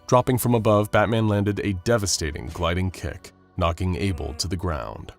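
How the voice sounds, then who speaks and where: A man narrating a scripted action story in a steady, dramatic storytelling manner. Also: low-pitched, moderate pace, faint music behind.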